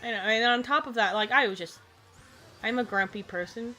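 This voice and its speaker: A woman's voice: on the high side, a little fast, sharp tone, soft background music. A tired young woman chatting casually while gaming, rambling through stories about her class. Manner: rambling storyteller, acts out kids' voices. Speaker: streamer and preschool teacher.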